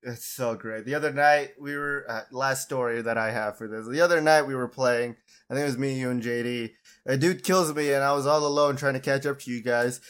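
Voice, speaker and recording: Young male podcast co-host, easygoing voice of average pitch, quick to laugh and agree. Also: steady tone, fairly bright tone, clear, resonant tone. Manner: laid-back, laughs along, short agreements. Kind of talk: casual chat.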